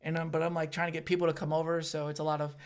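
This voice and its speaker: A man in his thirties, a stand-up comedian chatting casually, who gets loud and excited and swears freely. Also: on the high side, rapid-fire, smooth. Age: 30s. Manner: loud, excitable, swearing, acts out crowd voices. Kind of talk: casual podcast chat.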